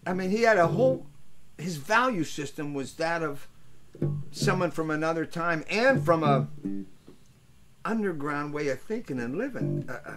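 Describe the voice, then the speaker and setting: An older man hosting a casual show, telling rambling stories and breaking into loud voices for the people in them. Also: fairly high pitch. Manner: rambling, animated storyteller, swings into loud character voices. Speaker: host. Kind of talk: casual storytelling chat.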